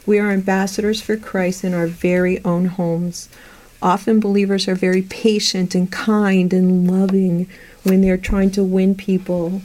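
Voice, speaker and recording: A middle-aged woman preaching to a group in a meeting room, earnest and conversational, with lively anecdotes. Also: fairly low pitch, slight background noise, rough recording. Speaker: Bible teacher. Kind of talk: sermon to a women's group.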